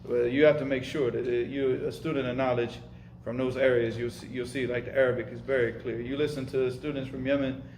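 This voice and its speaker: Speaking briskly in a flat, mid-range voice with a darkish tone, a male teacher of Arabic and Islamic studies runs a casual lesson and fields questions as they come. He repeats himself, stresses points emphatically, and mixes in Arabic words. The poor-quality audio is reverberant and carries slight background noise.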